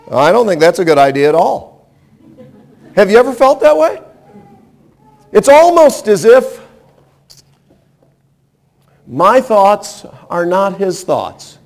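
A man's voice: high voice, darkish tone. A man preaching a sermon, emphatic and direct, asking the listeners rhetorical questions. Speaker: pastor.

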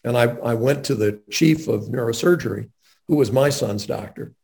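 A man's voice: medium pitch, normal speed, creaky, a little mellow. A man interviewing a guest in a faith-based conversation, speaking in an earnest, emphatic way.

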